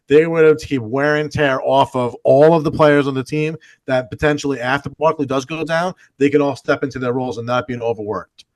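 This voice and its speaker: A man's voice: medium pitch, fairly quick, few pauses, no echo. A man co-hosting a podcast, casually arguing about football with heavy swearing. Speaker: podcast co-host. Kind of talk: casual sports chat.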